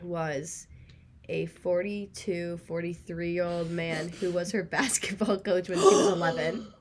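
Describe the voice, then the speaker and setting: A young woman telling animated stories in casual chat, laughing often. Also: on the low side, a little slow, slight background noise. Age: young adult. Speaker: guest.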